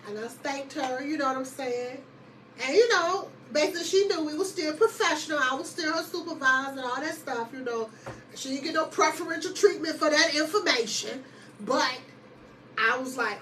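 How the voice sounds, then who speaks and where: A woman host casually telling a personal story to her listeners, lively and chatty, often laughing and calling them y'all. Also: high-pitched, normal speed, recorded from a distance, slight background noise, poor audio.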